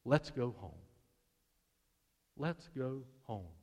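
A man voicing a steadfast, loving husband with a deep baritone, speaking calmly and tenderly. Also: moderate pace, vocal fry. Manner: calm, quiet, tender. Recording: long reverb of a large hall.

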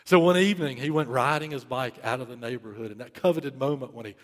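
A man's voice: medium pitch, fast talker, big-room sound. A man preaching a sermon, telling a story in an urgent, emphatic way and repeating key phrases. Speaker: pastor.

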